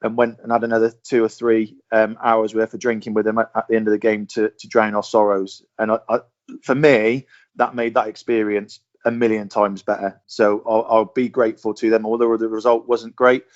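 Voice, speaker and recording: A man's voice: lowish voice, little pitch movement, a little fast, highs cut off. Chatty southern English man on a call. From southern England. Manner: rambling, repeats words, chatty. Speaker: podcast panelist. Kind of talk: casual storytelling chat.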